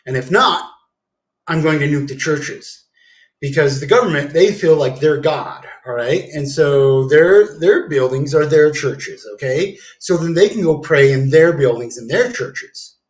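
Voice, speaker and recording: A man's voice: on the high side, lively intonation, measured pace. A man rambling and swearing through a meandering livestream monologue at home. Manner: rambling, profane, meandering with fillers.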